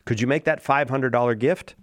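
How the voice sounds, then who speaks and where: A man's voice: mid-range voice, no echo, clean studio sound. Man making an urgent radio pledge appeal. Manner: upbeat, urging, repeats phone number slowly. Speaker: radio show host. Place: radio studio. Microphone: studio microphone.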